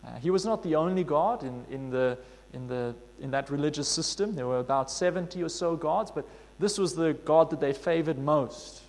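A man preaching a sermon, reading scripture and then explaining it in an earnest, steady way, often pausing on "uh" and restarting phrases. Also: a little high. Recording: long hall reverb.

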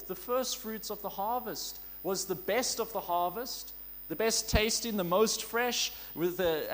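The clip features a man preaching in an earnest, emphatic manner, his pitch high, easing his tempo to underline key phrases.

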